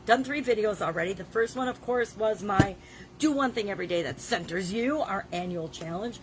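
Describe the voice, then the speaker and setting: A woman's voice: medium pitch, a little fast. Woman in her 60s, has a cold, scratchy throat, blunt chatty daily journal vlog, coughs sometimes. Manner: emphatic, plain-spoken, coughs now and then. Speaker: vlogger.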